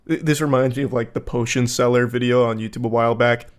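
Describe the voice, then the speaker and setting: A man's voice: mid-range voice, fast, smooth. Sarcastic man doing comedic commentary. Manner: sarcastic, deadpan mockery.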